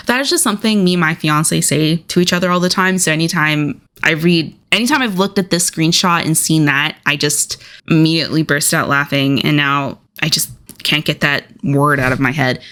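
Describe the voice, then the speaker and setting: A woman with a low-pitched voice hosts a casual commentary video. She talks in a chatty, conversational way and often drifts into offhand asides. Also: normal speed, a bit bright. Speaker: online commentary creator.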